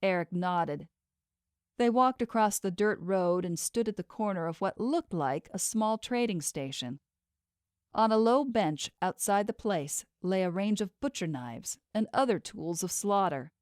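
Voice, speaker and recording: A woman narrating a novel in a steady, measured audiobook read. Her pitch sits in the middle. The close studio mic gives a dry sound. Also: no echo. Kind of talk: scripted narration.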